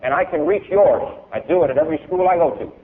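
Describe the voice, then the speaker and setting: A fast-talking man with a slightly high voice and lively intonation gives a declaiming, emphatic address at a university event, with large shifts in loudness. He then handles questions from the audience, all preserved on tinny, lo-fi archival tape.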